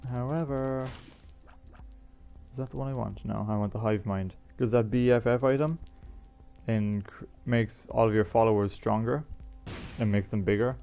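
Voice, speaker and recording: Man, mellow dark voice, rambling let's-play chatter. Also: mid-range voice, steady tone, normal speed, gravelly, faint music behind. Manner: rambling, chatty, explains game items as he plays. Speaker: gaming YouTuber. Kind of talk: casual let's-play commentary.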